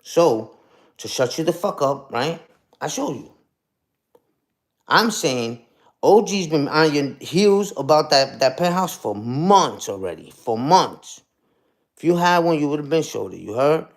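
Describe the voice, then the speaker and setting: A man talks fast and loose to a live stream chat, full of street slang and rhetorical "you heard?" tags. His voice sits a little high for a man and swings up and down as he gets worked up. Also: expressive. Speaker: livestream host. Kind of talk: casual rant to a live chat.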